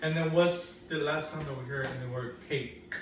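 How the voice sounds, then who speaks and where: A woman's voice: low-pitched, fairly even intonation, moderate pace. A woman teaching phonics to young children, patient, repeating vowel sounds and teasing that she will trick them. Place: classroom. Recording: echoey room from far off, faint noise.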